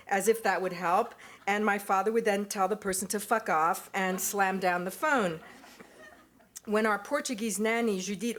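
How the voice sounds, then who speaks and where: A woman's voice: medium pitch, a bit bright. A woman reading aloud from her own memoir at a university event, with a wry, amused delivery.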